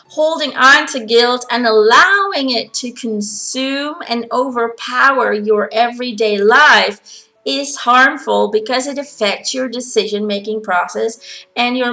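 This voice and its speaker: Slow, bright-voiced woman medium. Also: a little high, vocal fry, poor audio. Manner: chatty, giggly, relays a spirit's words. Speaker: spiritual medium answering follower questions. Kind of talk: casual channeled Q&A monologue.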